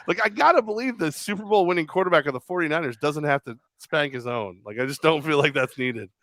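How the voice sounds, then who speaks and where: Animated man telling sports stories. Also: fairly high pitch, brisk, no echo. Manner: animated storyteller, acts out quotes. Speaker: podcast co-host. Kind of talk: casual sports chat.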